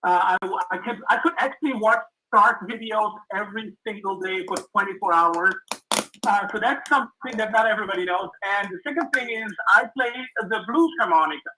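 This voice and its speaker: Halting man with a bright voice. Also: high voice, a little hiss or hum, poor audio. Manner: halting, many "uh" pauses, modest. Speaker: guest.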